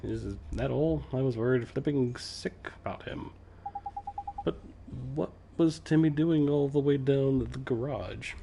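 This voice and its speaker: A man's voice: medium pitch, unhurried, vocal fry, mellow, slight background noise. A man voicing a cheeky, bossy little male fairy with a blunt, slangy way of barking.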